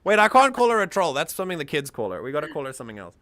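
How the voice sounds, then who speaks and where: A man's voice: fairly high pitch, wildly swooping pitch, racing, fairly bright tone, no room sound. A man hosting a let's play, chatting casually and explaining his choices as he plays. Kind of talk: casual game commentary.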